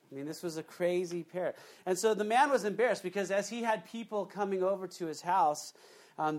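A man preaching a sermon, telling a joke story with frequent asides to the congregation. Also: sits high. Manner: animated storytelling with asides to the audience. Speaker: pastor.

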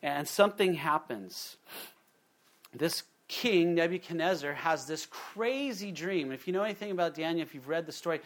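Animated man preaching a sermon. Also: fairly high pitch, normal speed. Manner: animated, acts out quotes in voices. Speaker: pastor.

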